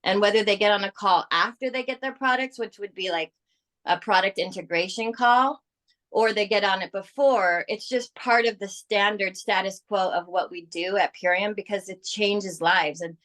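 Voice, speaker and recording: A woman's voice: medium pitch, normal speed. A woman coaching her sales team on a group call, talking with energy and persuasion. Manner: energetic, persuasive, acts out quoted clients.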